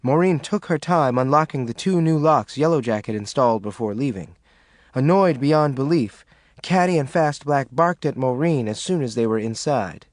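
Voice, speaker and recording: Male narrator, lively, expressive audiobook read, dry booth sound. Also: medium pitch, moderate pace, dry recording. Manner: expressive reading. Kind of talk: scripted narration.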